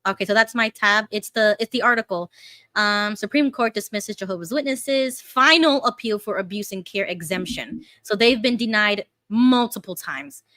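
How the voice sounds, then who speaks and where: A woman's voice: medium pitch, pushed and bright, no echo. A Canadian woman co-hosting a casual online news chat, reading a news article aloud carefully. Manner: reads carefully, admits she talks fast. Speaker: co-host.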